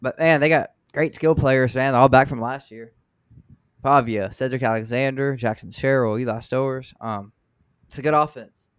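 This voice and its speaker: A man's voice: mid-range voice, fairly even intonation, moderate pace, clean tone, no echo. A man giving laid-back, plain-spoken football picks on a podcast, saying "man" a lot. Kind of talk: casual sports talk.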